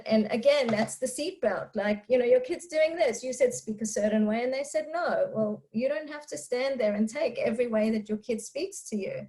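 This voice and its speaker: Woman with a higher voice, candid and chatty, fielding parenting questions live. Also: darkish tone, rough recording. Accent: non-Israeli English speaker living in Israel. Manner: candid, chatty, laughs often. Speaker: parenting speaker answering questions. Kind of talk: live talk with audience questions.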